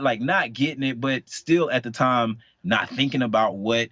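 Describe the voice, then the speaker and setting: In dull, dry podcast audio with no room sound, a co-host in his late twenties recounts something personal at a moderate pace in a mid-range voice. His casual telling is candid and rambling, lively, and heavy on fillers.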